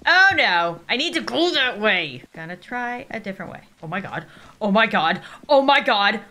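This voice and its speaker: A woman's voice: mid-range voice, sing-song, normal speed, bright, forceful tone. A woman YouTuber giving jumpy, nervous commentary while playing a horror game, often shrieking and laughing and repeating panicked exclamations. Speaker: gaming YouTuber.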